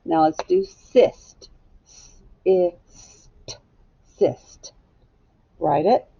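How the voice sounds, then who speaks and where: A woman teacher giving a patient, clearly paced phonics lesson to young children. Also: lowish voice, animated, takes it slowly, lo-fi sound.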